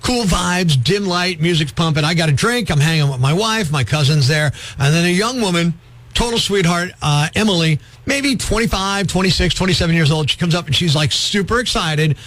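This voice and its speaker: A man's voice: fairly high pitch, brisk, rough recording. A middle-aged man, a radio morning host telling self-deprecating stories in casual banter. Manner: self-deprecating, animated storyteller. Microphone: studio microphone.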